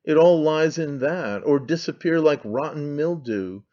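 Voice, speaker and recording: A man's voice: on the high side, a little slow, mellow, pitched above the performer's own voice, lightly acted. A trembling, fervent man pours out accusations and pleas in a raised, urgent voice, voiced by an audiobook narrator. The sound is slightly dull and lo-fi. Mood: urging. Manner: pleading, accusing, intense. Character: frantic, impassioned man, trembling with zeal.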